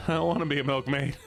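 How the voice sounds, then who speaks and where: A man's voice: fairly high pitch, vocal fry. A man streaming live, chatting casually and playfully with his viewers. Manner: bubbly, playful, chatty with chat.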